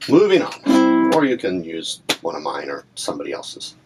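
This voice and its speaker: A man with a bass voice teaches ukulele casually and chattily, working through examples with fillers and asides. He speaks fairly quickly with big pitch swings. Loud music sits behind his voice, and he plays ukulele between phrases.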